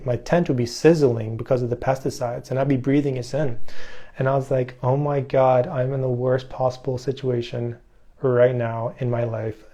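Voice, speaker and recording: A man telling a rambling, excitable story in casual speech, full of fillers and restarts. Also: medium pitch. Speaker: fasting vlogger.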